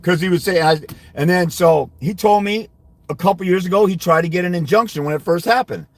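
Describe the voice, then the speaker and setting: A man's voice: high voice, brisk, no echo. A man hosting a fathers' rights livestream, telling a story about a client in a heated, profane, insulting rant. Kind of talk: angry monologue recounting a client call.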